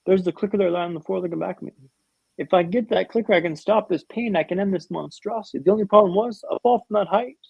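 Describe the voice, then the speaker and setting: A man telling a vivid, humorous story with dramatic pauses as a guest in a podcast interview, on a dull, lo-fi recording. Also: high-pitched, vocal fry, darkish tone, slightly rough, no room sound.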